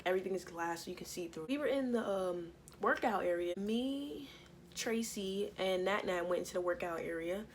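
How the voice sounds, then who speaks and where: Animated young woman telling a storytime. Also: on the low side, vocal fry, slight background noise, rough recording. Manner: animated, profane, acts out quotes. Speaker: storytime vlogger. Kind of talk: casual storytelling vlog.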